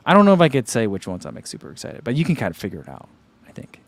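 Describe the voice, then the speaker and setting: A man's voice: medium pitch, wildly swooping pitch, rapid-fire. Rambling man on a livestream. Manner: rambling, full of "like" and "you know" fillers. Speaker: running channel host. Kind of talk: casual livestream chat answering viewer comments.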